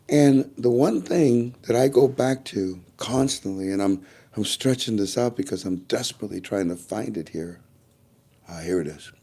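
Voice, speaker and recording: Low-voiced rambling male vlogger. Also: creaky, dark tone, husky. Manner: repeats himself often; chatty and preachy, asides to viewers. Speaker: YouTube vlogger. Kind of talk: casual rambling monologue to viewers.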